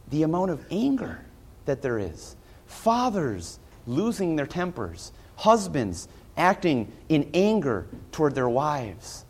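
An earnest male preacher with a fairly high voice delivers a sermon. He leans on rhetorical questions and reads scripture aloud with steady conviction.

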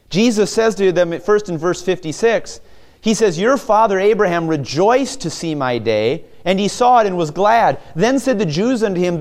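An earnest male preacher whose voice sits a little high for a man. He moves from hushed, low stretches to raised, emphatic declarations. Scripture readings slow down and get drawn out for weight. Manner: earnest preaching, swings between soft low passages and raised emphatic ones; reads scripture aloud with drawn-out slow stresses. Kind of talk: sermon.

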